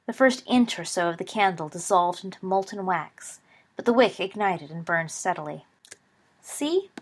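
A woman's voice: on the low side, normal speed. Woman reading a story aloud. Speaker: narrator.

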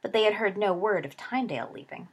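A woman reading a story aloud with steady, expressive narration. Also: medium pitch, quick pace, husky.

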